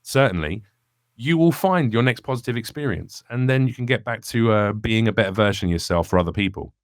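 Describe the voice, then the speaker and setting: An English man with a lowish voice talks candidly on a podcast, thinking aloud and rambling through his points with frequent restarts. The sound is dry and close. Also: animated, a little fast, no room sound. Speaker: comedian guest.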